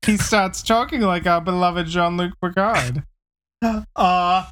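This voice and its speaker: A man's voice: high-pitched, slow, a bit bright, a little hiss or hum. A man co-hosting a casual podcast chat, recapping the plot with a laugh and plenty of swearing. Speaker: podcast co-host.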